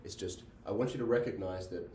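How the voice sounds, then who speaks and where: A male lecturer explains logic to a class, circling back and asking "right?" as he goes. His voice sits a little low and mellow. It is picked up from some distance in an echoey room with a faint hum of ambience. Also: brisk. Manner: repeats himself, checks in with "right?". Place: classroom with a board.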